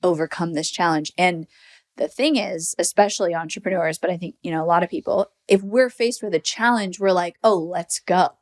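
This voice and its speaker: A woman's voice: on the low side, fairly quick. A woman guest on a podcast, telling stories casually with many fillers and acting out her own thoughts. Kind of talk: casual conversational storytelling.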